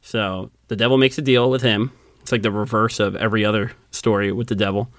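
A man with a low-pitched voice tells a story on a podcast in a loose, chatty way. He laughs a lot and acts out the characters' lines. The sound is dry and close. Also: steady tone, brisk, no room sound. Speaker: podcast co-host. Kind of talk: casual storytelling chat.

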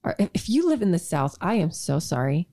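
A woman co-hosting a health podcast in casual chat, talking fast with restarts and sarcastic asides. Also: lowish voice, very animated, mellow. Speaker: podcast co-host, health practitioner. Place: home podcast room.

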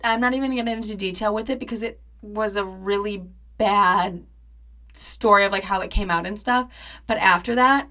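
Bright-voiced young woman telling a dramatic story. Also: mid-range voice, normal speed. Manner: chatty and dramatic, heavy with "like" and swearing. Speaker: podcast host. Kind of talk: casual storytelling monologue.

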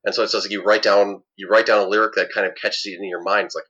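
A man speaking as a podcast guest in casual chat, relaxed and rambling, with lots of "like"s. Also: lowish voice, very fast, highs cut off. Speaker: podcast guest, game master.

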